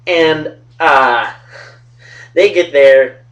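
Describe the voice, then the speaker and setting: A man's voice: a little high, very slow, a bit bright, dull audio. Young man trash-talking into a distant webcam. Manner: loose, profane, joking. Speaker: fantasy football league organizer. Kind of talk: casual webcam trash talk and storytelling. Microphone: webcam mic.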